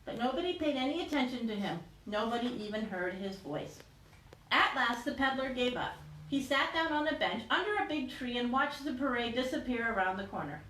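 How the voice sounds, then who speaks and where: Woman teacher reading a picture book aloud, animated, roomy echo, faint background noise. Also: on the high side, brisk. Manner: animated storytelling.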